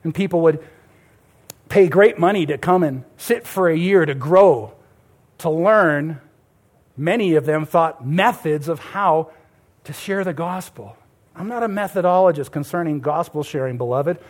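A man's voice: a little high, measured pace. A middle-aged man preaching a sermon to a church congregation, telling a story and calling his listeners beloved. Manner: storytelling, addresses the crowd as beloved. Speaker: pastor.

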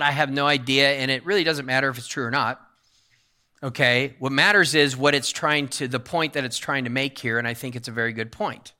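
A man's voice: fairly high pitch, sharp tone. A middle-aged male pastor preaching a sermon, earnest and repeating key phrases for emphasis.

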